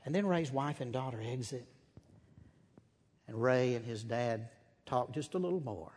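A man preaching a sermon, telling a story slowly and dramatically, dropping at times to a hushed whisper. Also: medium pitch, lively intonation, husky, big-room sound.

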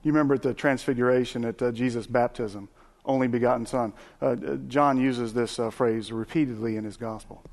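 A man's voice: medium pitch, a little fast. Preacher guy, 40s, folksy rambling sermon, lots of uhs and restarts, medium voice. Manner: folksy, animated storytelling with many fillers and restarts.

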